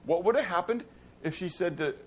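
A man's voice: high-pitched, lively intonation, brisk. A man preaching a sermon, asking rhetorical questions and repeating key phrases. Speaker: pastor.

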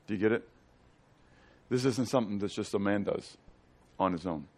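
A man preaching a sermon as pastor, animated, often asking the congregation questions and swinging between loud and hushed delivery. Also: on the low side, normal speed.

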